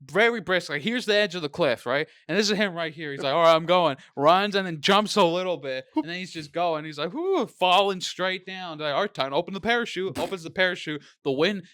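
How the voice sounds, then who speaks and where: A young man co-hosts a podcast, chatting casually and telling animated stories with lots of swearing and acted-out quotes. His voice is high and smooth, a little fast with few pauses. The recording is dry, with clean studio sound.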